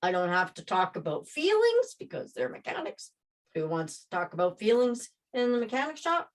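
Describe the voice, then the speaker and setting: A woman casually telling a personal story, rambling and animated as she re-enacts scenes. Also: medium pitch, moderate pace.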